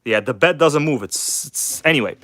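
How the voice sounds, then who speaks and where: A man's voice: on the high side, expressive, moderate pace, fairly bright tone, no echo. A man hosting a casual live stream, rambling and chatty, talking bluntly and enthusiastically to his viewers.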